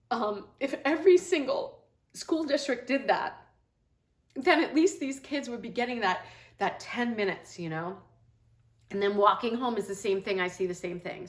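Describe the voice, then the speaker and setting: A mom and health coach talks earnestly to her viewers on camera, rambling casually with many fillers and restarts. Her voice is a little high and a bit bright, in an echoey room.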